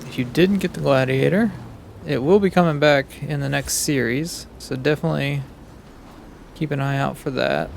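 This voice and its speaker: A man, the host of a gaming channel, giving relaxed gameplay commentary and thinking aloud as he plays. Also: on the high side, creaky, a little hiss or hum. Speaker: gaming YouTuber.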